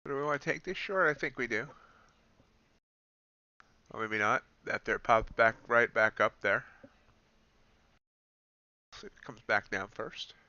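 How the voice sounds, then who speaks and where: A man's voice: medium pitch, measured pace, pauses often, sharp tone, no echo, dull audio. A man giving live commentary on his futures trades, thinking aloud and often correcting himself mid-sentence.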